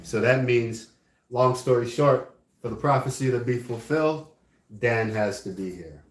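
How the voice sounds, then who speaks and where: A man's voice: medium pitch, measured pace. A man teaching a religious study class, heard in an echoey room. He talks in a mid-range voice and tags "right?" onto nearly every point. His delivery is loose and conversational. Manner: frequently asks "right?".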